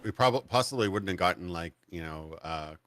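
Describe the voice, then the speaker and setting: A man's voice: deep voice, animated, a little fast, a bit bright, no echo. A man on a casual streamed podcast, talking in a laid-back way, laughing often and trailing off with fillers. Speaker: streamer co-host.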